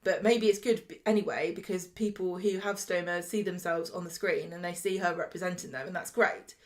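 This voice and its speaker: A woman's voice: on the low side, steady tone, a little fast. A woman co-hosting a casual chat about a TV soap, exasperated and sarcastic, often laughing. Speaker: podcast co-host.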